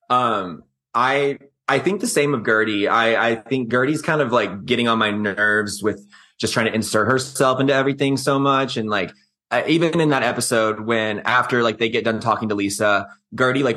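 A man's voice: fairly low pitch, normal speed, pushed and bright. A man co-hosting a podcast, chatting casually about reality TV with snarky, profane asides. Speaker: podcast co-host. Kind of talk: casual reality-TV recap chat.

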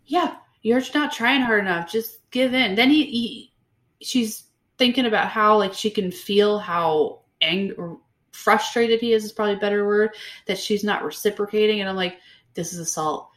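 A woman's voice: mid-range voice, moderate pace, a bit bright. A woman co-hosting a podcast, recapping a book in casual, sarcastic chat with lots of fillers. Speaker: podcast co-host.

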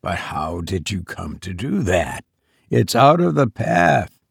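A man's voice: deep voice, big pitch swings, slow pace, creaky, breathy edge, dry recording, clean studio sound, voice pushed down, exaggerated voice. A man reading a story voices a grieving man who tells sad news in a subdued, plain way. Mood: grave.

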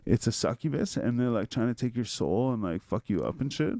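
A man's voice: medium pitch, brisk, no room sound. A young man telling a long story in a casual chat with friends, swearing freely and filling his talk with "yo" and "man". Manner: animated storytelling, swears a lot, repeats "yo" and "man".

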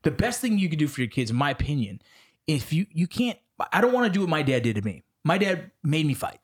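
Male podcast host, fast, slightly high voice, profane, animated storyteller. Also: slightly rough. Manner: fast, profane, acts out the voices in his stories. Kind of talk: casual chat.

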